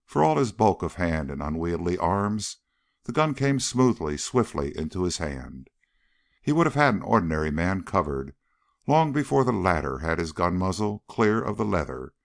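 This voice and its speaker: A deep-voiced man narrates a Western novel for an audiobook. His delivery is dramatic, and his pitch swings widely as he tells the story. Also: very animated, normal speed, vocal fry.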